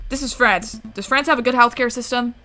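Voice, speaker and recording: A woman making joking, excitable asides while she plays through a story game. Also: a little high, fairly quick, soft background music. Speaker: gaming YouTuber. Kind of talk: let's-play commentary.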